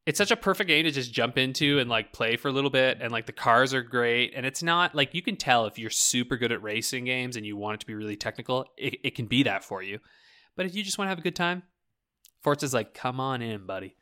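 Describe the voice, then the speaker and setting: A man's voice: medium pitch, animated, fast talker, pushed and bright. A man rambling about video games in a casual podcast chat, swearing freely, leaning on "like" and laughing often.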